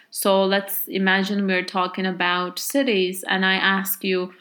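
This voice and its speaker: A woman's voice: mid-range voice, unhurried, a bit bright. A woman whose first language is Turkish, teaching a grammar lesson in English and patiently spelling out each example step by step.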